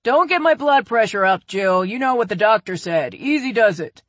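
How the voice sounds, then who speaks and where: A woman's voice: medium pitch, animated, normal speed, no room sound, pitched above the performer's own voice, natural voice. A woman reading the lines of a teasing, stubborn father in a storybook scene. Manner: joking, teasing.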